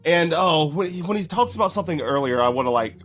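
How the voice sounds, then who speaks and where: A man's voice: a little high, lively intonation, quick pace, fairly bright tone, soft background music. Mocking man reacting on a stream. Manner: mocking, chatty, greets chat. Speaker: commentary streamer. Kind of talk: casual reaction commentary.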